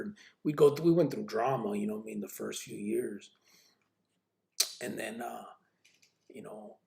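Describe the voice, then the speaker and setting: A man's voice: lowish voice, vocal fry, a little mellow. A man hosting a podcast, telling personal stories in a rambling, laid-back way, full of street slang, profanity and constant fillers. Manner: constant fillers like "you know what I mean". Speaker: podcast host. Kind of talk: casual personal storytelling.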